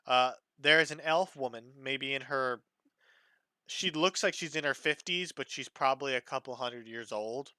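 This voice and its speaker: A man narrating a tabletop game as its game master, his voice bright and forceful. He tells the scene in a relaxed, halting way, full of small fillers. The sound is dry and close. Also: mid-range voice, clear, resonant tone, dry recording.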